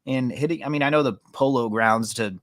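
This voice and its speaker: A man's voice: mid-range voice, brisk, dry recording, clean studio sound. A man co-hosting a sports podcast, talking casually with many fillers and restarts. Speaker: podcast co-host.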